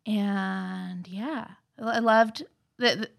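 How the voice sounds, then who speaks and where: A woman's voice: medium pitch, fairly even intonation, slow pace, vocal fry. A woman guest on a podcast, talking casually and hesitantly, with many fillers. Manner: hesitant, full of "like" and "um". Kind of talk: casual chat.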